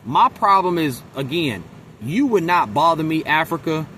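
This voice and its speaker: A man's voice: on the high side, sing-song, moderate pace, bright, forceful tone, a little hiss or hum. A man venting in a casual monologue to camera, blunt and profane, mimicking his coworkers. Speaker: vlogger.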